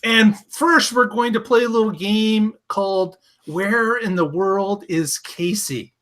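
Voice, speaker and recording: A man's voice: sits high, slow pace, a bit bright. A man hosting a casual panel show over a video call, upbeat and joking as he introduces the panel. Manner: upbeat, jokey, emcee-like. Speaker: show host.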